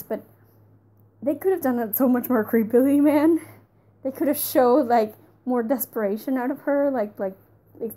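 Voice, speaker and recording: A woman reviewing a TV episode in a casual, talky way, frank and enthusiastic, with laughs slipping in now and then. Her voice sits a little high and has a soft, mellow tone rather than a bright one. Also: a little hiss or hum. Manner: chatty, frank and enthusiastic, often breaking into laughs.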